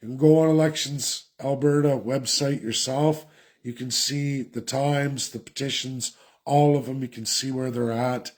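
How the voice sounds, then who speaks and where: A man's voice: mid-range voice, steady tone, measured pace, a little mellow. A man from Canada ranting sarcastically in a political commentary vlog.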